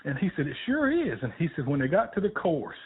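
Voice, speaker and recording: Older guy calling in, husky voice, sorta high, tinny phone sound, gets choked up and laughs a lot. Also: expressive. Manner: emotional, laughs often, halting. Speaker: gospel songwriter guest. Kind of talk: heartfelt storytelling on a radio call-in.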